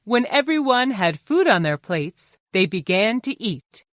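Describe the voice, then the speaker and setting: A woman narrating a children's storybook in a slow, sing-song way. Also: mid-range voice, very animated, slight background noise. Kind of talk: scripted children's story reading.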